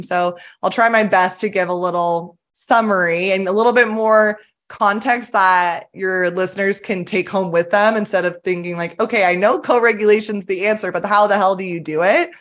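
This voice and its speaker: A somatic attachment therapist with a lowish, fairly bright voice appears as a guest on a casual podcast. Earnest and upbeat, she explains her approach in an enthusiastic coaching tone.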